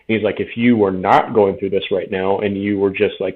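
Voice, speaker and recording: A man in his thirties talks frankly through his story as a podcast guest, voice low and fairly level. He keeps quoting himself in a casual, conversational way. The audio is thin and tinny, as if heard over a phone line. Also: fairly even intonation, quick pace, few pauses. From Tucson, Arizona.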